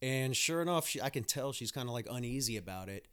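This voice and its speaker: A man's voice: mid-range voice, lively intonation, fast talker, fairly bright tone, clean tone. Blunt, profane young man ranting. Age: young adult. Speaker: podcast host, nurse. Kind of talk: casual podcast monologue.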